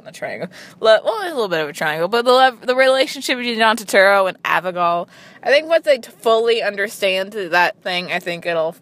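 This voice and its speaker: A woman talks casually to the camera in a middle-pitched voice. She is chatty and fills her sentences with "like," often stopping and starting over mid-thought. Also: a bit bright. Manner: chatty, peppered with "like", frequent restarts. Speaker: vlogger. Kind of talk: casual chat.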